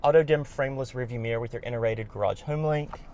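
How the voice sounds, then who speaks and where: Brisk male dealership car tour guide. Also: mid-range voice, a little mellow, slight background noise. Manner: brisk, listing features in short bursts. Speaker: car salesperson giving a vehicle tour. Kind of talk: walkaround product tour.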